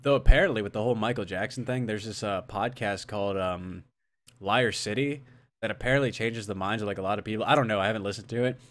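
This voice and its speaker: A man's voice: fairly low pitch, fast, fairly bright tone. A man hosting a casual live show, reading viewer comments and laughing often. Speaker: host reading chat. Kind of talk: casual podcast chat.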